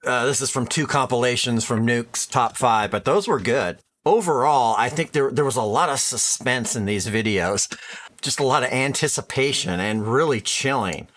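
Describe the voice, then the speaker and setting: A man's voice: mid-range voice, normal speed, a bit bright. An older man hosting a reaction video, chatting casually, musing aloud and laughing easily.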